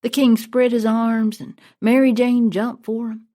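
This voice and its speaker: A woman narrating a story in a plain, steady storytelling manner. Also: on the high side, unhurried. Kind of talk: audiobook narration.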